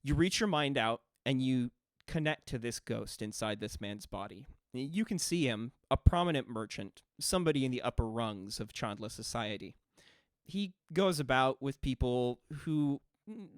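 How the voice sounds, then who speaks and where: A man running a tabletop game as game master, narrating scenes in a measured, descriptive way. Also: medium pitch, smooth, no echo, clean studio sound.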